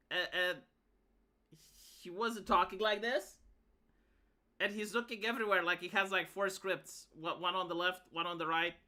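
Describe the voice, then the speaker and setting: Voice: mid-range voice, pushed and bright. A VTuber streamer giving live reaction commentary, rambling and stammering, with a sarcastic edge.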